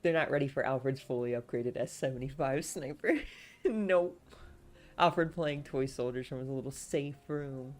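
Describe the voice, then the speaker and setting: Woman streamer, reads a novel aloud live and chats with her viewers, laughs often and jokes about herself. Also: very deep voice. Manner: chatty, giggly, self-deprecating. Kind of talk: live-stream reading and casual chat.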